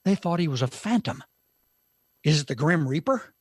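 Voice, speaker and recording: A man teaching from the Bible on a talk show, slow and emphatic, with dramatic pauses and sudden shifts in loudness. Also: fairly high pitch, expressive, dry recording, clean studio sound.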